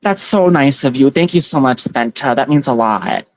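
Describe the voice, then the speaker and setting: A woman's voice: a bass voice, expressive, moderate pace, a little mellow, no echo. A woman hosting a casual tarot livestream on her phone, chatty and giggly, thanking viewers by name as she reads their comments. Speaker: tarot reader and livestream host.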